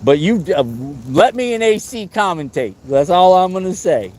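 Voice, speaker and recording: A man hosting a live fishing stream, chatting casually and excitably, teasing friends and whooping. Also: sits high, normal speed. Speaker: fishing livestream host.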